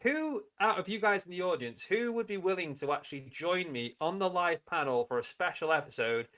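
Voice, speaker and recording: Male stream host, slightly high pitch, loose and chatty, laughs easily. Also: expressive, brisk, fairly bright tone. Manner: chatty, giggly, reads chat comments aloud. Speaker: livestream host. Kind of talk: casual live-chat stream.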